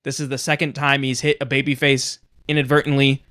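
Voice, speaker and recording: A man's voice: mid-range voice, a little fast. A man co-hosting a podcast in casual chat, animatedly retelling events and slipping into quoted voices. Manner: animated storyteller, quotes wrestlers in put-on voices. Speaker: podcast co-host. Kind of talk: casual chat recapping wrestling.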